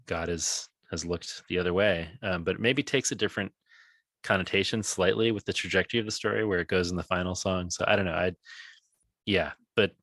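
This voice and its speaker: Deep-voiced, bright-toned man talking music. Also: fairly even intonation, a little fast, no room sound. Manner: earnest, reflective, emotionally moved. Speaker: podcast co-host. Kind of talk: casual music discussion.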